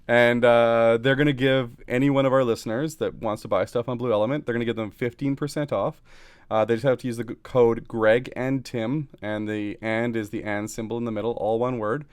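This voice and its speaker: An easygoing man co-hosts a podcast and chats casually, laughing easily. His voice is smooth and resonant, heard close and dry with no room around it. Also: medium pitch, fairly even intonation, brisk, no room sound. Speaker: podcast co-host. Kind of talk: casual chat, reading a sponsor plug.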